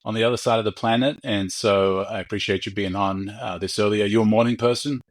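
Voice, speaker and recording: A man's voice: on the low side, steady tone, fast talker. A man hosting a podcast, friendly and jokey, laughing often as he chats with his guest. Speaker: podcast host. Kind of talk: casual conversational interview.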